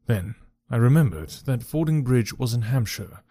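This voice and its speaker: A man reading a classic detective story aloud in a measured, even way. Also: medium pitch, slightly rough, no room sound. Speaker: audiobook reader. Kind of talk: scripted narration.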